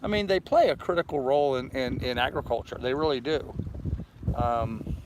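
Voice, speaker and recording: A man's voice: mid-range voice, moderate pace. An older man chatting casually on a live stream from his sailboat, rambling along and greeting viewers by name. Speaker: vlogger doing a live stream. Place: aboard a sailboat. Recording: loud wind noise on the mic. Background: wind and boat ambience.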